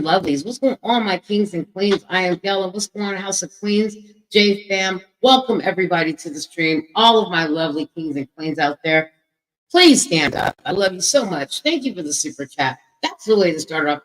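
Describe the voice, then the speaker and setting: A middle-aged woman hosting a casual livestream, loudly greeting viewers by name and swearing freely, speaking. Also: on the low side, rough recording. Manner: loud, playful, shouts out chat names, swears freely. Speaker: livestream host. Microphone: microphone with echo.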